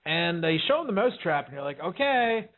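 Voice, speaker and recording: Recorded with a tinny, phone-like sound, a man talks fast in a high voice with big pitch swings. Hosting a casual chat show as a podcast host, he rambles bluntly, swears, and uses lots of fillers.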